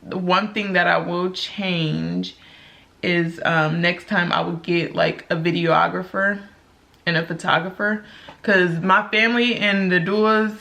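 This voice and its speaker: A young woman vlogger telling her own story in a candid, chatty way, often laughing and acting out what people said in a high voice. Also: fairly even intonation, unhurried, vocal fry, bright, forceful tone. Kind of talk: casual storytelling vlog.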